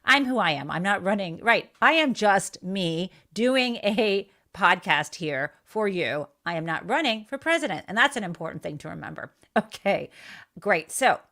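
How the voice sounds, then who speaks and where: A woman's voice: mid-range voice, animated, moderate pace, bright, forceful tone. A woman hosting a live political podcast, blunt and outraged, swearing freely as she talks. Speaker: livestream podcast host. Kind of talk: casual political livestream commentary.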